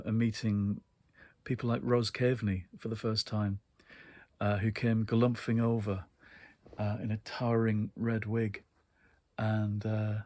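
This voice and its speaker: With frequent laughs and ums, a northeast English man hosting a show spins wry anecdotes about book events in a relaxed monologue. He speaks at a fairly low pitch, recorded dry.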